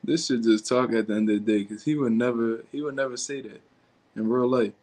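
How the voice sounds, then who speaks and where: A man's voice: medium pitch, fairly even intonation, brisk, darkish tone. A man hosting a casual livestream who reacts to viewer comments in blunt, slangy, profane talk. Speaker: livestream host.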